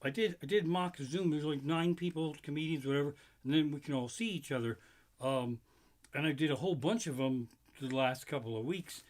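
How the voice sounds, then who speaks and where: Casting: middle-aged male comic, slightly high voice, crude rambling delivery. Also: brisk. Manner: profane, rambling, animated storytelling. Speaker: stand-up comedian. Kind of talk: solo live-streamed stand-up.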